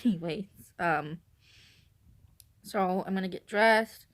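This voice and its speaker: A woman from northern Illinois chats to camera in a loose, rambling way, with a voice sitting a little low for a woman. She keeps second-guessing herself, and small giggles slip in as she admits to camera nerves. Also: unhurried, creaky. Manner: rambling, self-correcting, giggly; nervous on camera. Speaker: vlogger. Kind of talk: casual rambling vlog talk.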